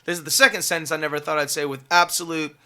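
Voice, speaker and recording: A man's voice: fairly high pitch, fairly even intonation, fast, sharp tone. A man, a musician guest on a radio show, telling a story casually and animatedly, full of fillers and laughter.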